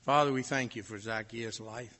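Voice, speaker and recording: A man's voice: medium pitch, moderate pace. Folksy preacher man in a reverberant hall. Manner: folksy and animated, with sudden loud swells. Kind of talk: storytelling sermon.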